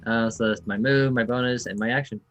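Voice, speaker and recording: A man's voice: mid-range voice, normal speed, soft background music. A man playing a tabletop game, chatting casually and joking about his character's moves. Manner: joking, laid-back. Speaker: player.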